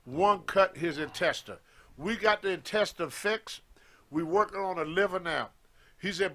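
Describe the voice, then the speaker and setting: A man telling a story in casual talk, animated and acting out the voices of the people in it, with loose grammar. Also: high-pitched. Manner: animated, acts out others' voices in his stories, loose grammar. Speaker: guest storyteller, former wrestler.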